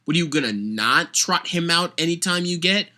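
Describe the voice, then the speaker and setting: A vlogger giving a sarcastic, opinionated rant about pro wrestling, talking with animated, mocking energy. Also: medium pitch, moderate pace. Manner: sarcastic, animated, mocks fans with put-on voices. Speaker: wrestling commentator.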